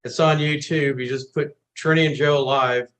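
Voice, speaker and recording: A man, a singer-songwriter guest, telling animated anecdotes in a casual interview. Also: a little high, normal speed, low-quality recording. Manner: animated anecdotes, acts out quotes.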